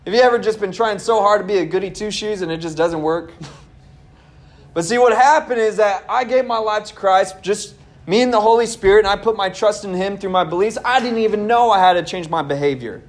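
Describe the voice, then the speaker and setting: High-voiced young man preaching a sermon. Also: brisk. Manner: conversational, earnest preaching with asides to the congregation. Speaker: pastor.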